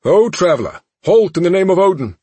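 A man voicing a proud Asgardian guard who booms formal commands in a raised voice. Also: animated, brisk, a little mellow, slightly rough, no echo. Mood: commanding.

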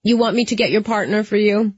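A woman voicing a gruff old witch woman. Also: mid-range voice, a little mellow, no echo, pitched above the performer's own voice, close to an everyday voice. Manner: grumbling, slow and blunt. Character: gruff older woman, a blunt faded witch. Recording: slightly dull lo-fi.

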